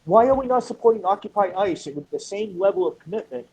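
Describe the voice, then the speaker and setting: A man's voice: sits high, expressive, fast, darkish tone, husky, poor audio. A man on a panel, talking heatedly and emphatically with a lot of swearing, often repeating words as he goes. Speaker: panel member.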